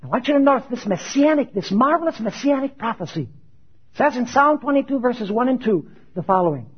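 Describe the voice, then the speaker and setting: During a sermon, a man poses questions to his listeners and answers them himself, his voice rising loud on quoted scripture and sinking low for the questions. He sounds animated and husky and speaks a little fast. The recording has a dull lo-fi quality.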